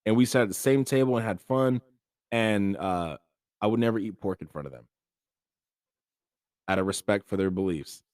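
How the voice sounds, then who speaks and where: A man with a low voice talks earnestly in a casual podcast monologue, dotted with fillers. The recording is close and dry. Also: moderate pace, pauses often, darkish tone, dry recording. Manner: earnest, conversational, many fillers. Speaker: podcast host.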